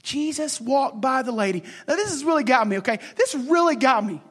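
A man preaching a sermon as pastor, emphatic and repetitive, swinging between loud declarations and hushed, whispered lines. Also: very high-pitched, animated, fairly quick, slightly rough.

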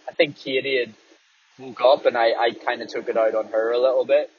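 A man's voice: mid-range voice, fairly even intonation, brisk. A man, a runner, talking candidly in a casual rambling monologue while driving a small car, swearing freely. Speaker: distance runner and podcast host. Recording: dull audio, faint road noise.

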